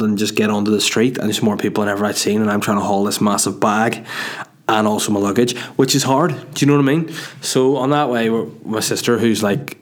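A man hosting his own podcast from his dining room, telling a profane, self-mocking, rambling story with stumbles and restarts. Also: on the low side. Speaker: podcast host and stand-up comedian. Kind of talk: casual solo podcast storytelling.

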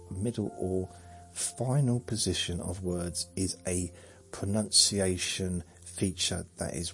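A man's voice: low-pitched, sharp tone. A man hosting a sleep podcast, rambling through a monologue in a meandering, dry, self-mocking way. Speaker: podcast host.

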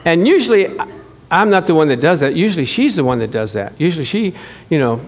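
A middle-aged pastor preaches a sermon built on personal stories, telling one about married life with animated, acted-out dialogue and frequent chuckles. He speaks fast in a voice that's a little high.

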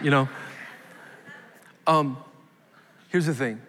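Pastor, man, 30s, mid-pitched, emphatic live sermon, echoing hall. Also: slow, a bit bright, slight background noise. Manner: emphatic preaching with rising calls to the congregation. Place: church sanctuary. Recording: long hall reverb.

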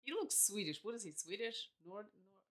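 A woman's voice: medium pitch, animated, normal speed, fairly bright tone. A woman with a Russian accent who speaks Russian natively, a guest on a casual podcast, blunt and dry and often dropping articles.

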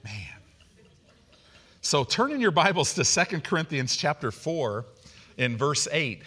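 Middle-aged pastor guy preaching, kinda high voice, acts out little quotes, super animated. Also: measured pace, husky. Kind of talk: sermon.

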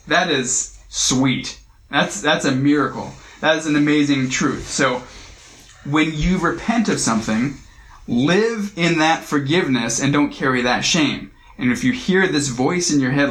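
A man's voice: mid-range voice, a bit bright, echoey room, rough recording. A man leading a casual Bible study, talking conversationally, often repeating himself and checking in with "right?".

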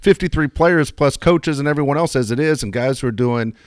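A man's voice: medium pitch, brisk, no room sound, studio quality. A middle-aged man, a sports radio host, telling a story in casual podcast chat with lots of swearing. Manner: profane, animated storyteller, acts out quotes.

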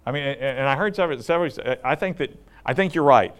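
A man's voice: a little high, fast. A man teaching from the Bible in a conversational way, putting questions to his listeners and acting out the quotes with animation. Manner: animated, asks the audience questions, acts out quotes. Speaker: preacher.

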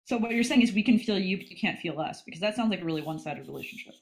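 A woman co-hosting a podcast, making quick jokes and bossy asides. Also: medium pitch, animated, gravelly. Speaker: podcast co-host. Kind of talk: casual interview chat.

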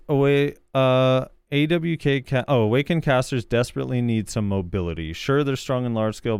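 A man's voice: medium pitch, creaky, darkish tone, smooth, no echo. A man co-hosting a gaming podcast, reading out viewer comments and reacting in a loose, hesitant way with lots of fillers. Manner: casual, hesitant, many fillers. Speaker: podcast co-host.

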